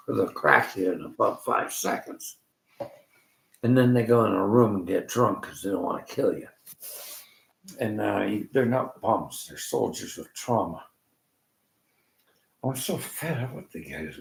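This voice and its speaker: A man in a rambling personal monologue, halting and emotional, often dropping to near-whispers. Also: fairly low pitch, gravelly.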